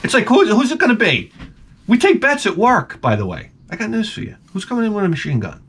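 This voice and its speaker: Comedic vlogger, man, lively swooping voice, slightly high, swears and stammers, rant storytelling. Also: fast, husky. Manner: animated, swearing, stammering restarts.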